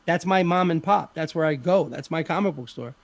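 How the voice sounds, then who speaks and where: A man's voice: a little high, brisk, creaky, no room sound. A man chatting casually on a podcast, rambling with lots of fillers and frequent swearing. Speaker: podcast participant.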